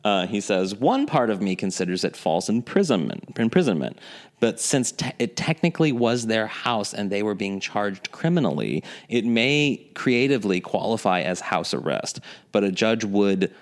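Deep-voiced man rambling in casual chat. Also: very animated, normal speed. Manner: rambling, self-interrupting, laughs easily. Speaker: podcast co-host.

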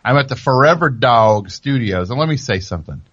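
A man's voice: medium pitch, lively intonation, brisk, fairly bright tone, slightly rough, no room sound, muffled recording. Guy hosting a podcast, jokey and rambly, voice jumps all over, studio mic. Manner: rambling, jokey, self-interrupting. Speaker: podcast host. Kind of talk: casual radio-style monologue. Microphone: studio microphone with headphones.

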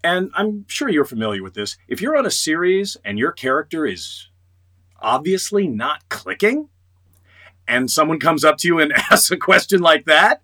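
A middle-aged man, a voice actor, telling stories in a casual interview, animated and quick to mimic others. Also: on the high side. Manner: animated storyteller, quotes others in lively voices. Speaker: voice actor guest.

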